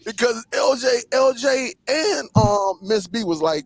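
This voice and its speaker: Lively, gravelly-voiced man in casual chat. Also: very high voice, loud music behind the voice. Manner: lively storyteller, drawn-out emphasis, frequent laughs. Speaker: host. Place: live stream.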